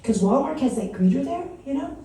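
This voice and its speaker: Older lady rambling through comedy bits, mellow warm tone, roomy distant sound. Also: sits high, lively intonation, brisk. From Wisconsin. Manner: rambling, self-mocking, laughs at her own jokes. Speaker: stand-up comedian. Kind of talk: stand-up comedy set. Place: small comedy venue. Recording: echoey room from a distance.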